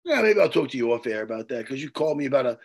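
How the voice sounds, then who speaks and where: A man co-hosting a podcast over a video call, talking animatedly and teasing, with loud bursts now and then. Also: medium pitch, sing-song, rapid-fire, vocal fry. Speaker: podcast co-host. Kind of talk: casual chat.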